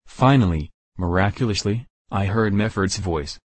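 A man narrating a first-person audiobook in a measured, steady way. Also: lowish voice, dry recording.

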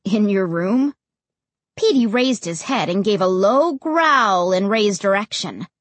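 A woman narrating a children's story as an audiobook reader, with an expressive, lively delivery. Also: mid-range voice, unhurried, dry recording.

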